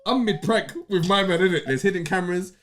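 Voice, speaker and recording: Young guy on a podcast, slangy animated chat, bit of a high voice. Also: fast, a little hiss or hum. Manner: animated storytelling, slangy, laughs often. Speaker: podcast co-host. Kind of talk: casual chat.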